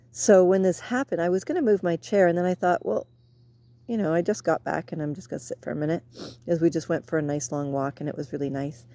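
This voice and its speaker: A middle-aged woman talking casually outdoors, reflecting in a rambling, soft way. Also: deep voice. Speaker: vlogger.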